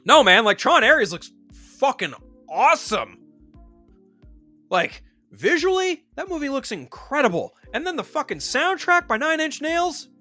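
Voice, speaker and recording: A man's voice: very high-pitched, very animated, measured pace, bright, forceful tone, faint music behind. A man streamer giving a casual, profane, emphatic rant about movie news.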